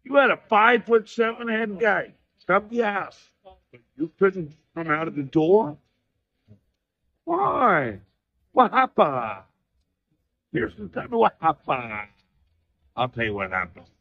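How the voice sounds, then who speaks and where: A man's voice: high voice, sing-song, slow pace, pauses often, no room sound. A man delivering a mocking, profane, insulting video message. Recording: dull lo-fi recording.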